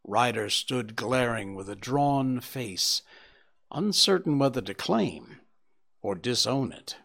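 A man narrating a classic detective story aloud. His reading is measured but expressive, with a lively, varied intonation that moves the scene along. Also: mid-range voice, gravelly. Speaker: audiobook narrator.

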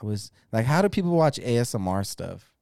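Laid-back man swearing through animated stories. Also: mid-range voice, brisk, gravelly, no echo, clean studio sound. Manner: animated storytelling, swears freely, laughs often. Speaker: podcast co-host. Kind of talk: casual chat.

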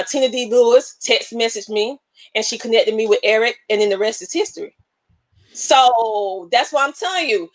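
Hosting a live stream over a webcam mic, a woman talks casually but with emotional, preacher-like fervor. Her voice is a little high, and there's no room sound.

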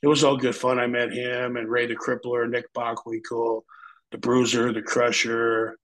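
A man's voice: medium pitch, monotone, normal speed, fairly bright tone, rough recording. A middle-aged man, a former pro wrestler, telling rambling, profane stories in an interview, acting out the voices of people he quotes. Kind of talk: casual anecdotal storytelling.

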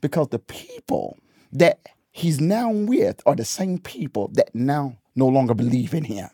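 Animated husky-voiced man preaching. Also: mid-range voice, normal speed, dry recording, clean studio sound. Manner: animated, laughs often, repeats phrases for emphasis. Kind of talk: casual podcast talk drifting into preaching.

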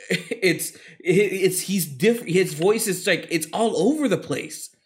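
A man co-hosting a podcast, recapping a movie plot in a jokey, animated way. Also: high voice, takes it slowly. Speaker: podcast co-host. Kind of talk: casual movie review chat.

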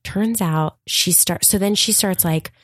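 A woman guest on a comedy podcast, telling a story in a casual, animated way, acting out quotes and laughing often. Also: on the low side, a little slow, dry recording.

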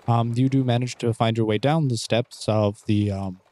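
A man's voice: medium pitch, fairly even intonation, normal speed, dark tone. A young man running a tabletop role-playing game as game master, narrating and speaking for characters in an easygoing, friendly way with frequent ums.

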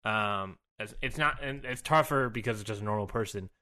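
A man's voice: fairly low pitch, brisk, pushed and bright. A man co-hosting a podcast, recapping wrestling in a rambling, upbeat way with many fillers and restarts. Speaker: podcast co-host. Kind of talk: casual wrestling recap chat.

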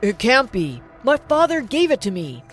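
A woman voicing a stern middle-aged father in an animated story. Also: on the high side, normal speed, faint music behind. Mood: commanding.

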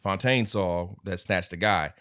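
A man's voice: low-pitched, measured pace. A man co-hosting a podcast, casually retelling a film's scenes and acting out the characters' lines. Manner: animated retelling with acted-out character quotes. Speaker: podcast co-host. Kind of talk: casual movie review chat.

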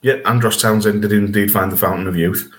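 A man with a low voice co-hosts a casual podcast chat. He is chatty and jokey and happily pokes fun at himself. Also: steady tone, fairly quick, noisy background. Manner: jokey, self-deprecating, chatty. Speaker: podcast co-host.

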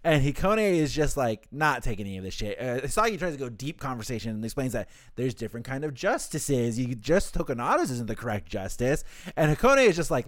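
Animated man recapping a story. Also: mid-range voice, no room sound, clean studio sound. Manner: animated, acts out characters in quick voices, swears casually. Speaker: podcast co-host. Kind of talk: casual podcast recap.

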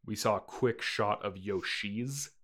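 A man casually chatting as a podcast co-host, rambling with lots of fillers and breaking into playful squeaky character voices. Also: a little slow, a bit bright. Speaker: podcast co-host reviewing a movie. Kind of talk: casual chat.

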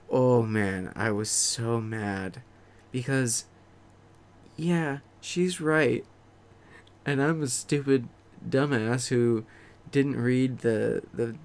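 A man's voice: on the low side, darkish tone. A young man casually telling a profane, self-mocking story to camera. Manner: profane, self-mocking, rambling anecdote with acted-out quotes. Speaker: vlogger.

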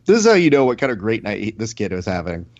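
A man's voice: lowish voice, fast, highs cut off. A man hosting a podcast in casual chat, telling stories and acting out the quotes. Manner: animated storyteller, acts out quotes. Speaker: podcast host.

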